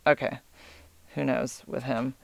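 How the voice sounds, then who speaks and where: A woman's voice: a bass voice, flat delivery, unhurried, creaky, no echo. A middle-aged woman telling a personal story in a rambling, easily distracted way, swearing freely. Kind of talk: casual storytelling.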